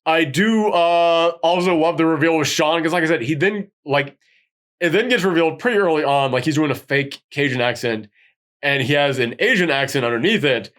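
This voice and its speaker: A chatty man reviewing a horror movie in a loose, rambling way, his voice sitting a little high for a man. He breaks into gruff put-on voices to act out scenes, then slides back into easy talk. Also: normal speed. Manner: rambling, animated, acts out quotes in a gruff voice. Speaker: podcast host. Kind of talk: casual movie review chat.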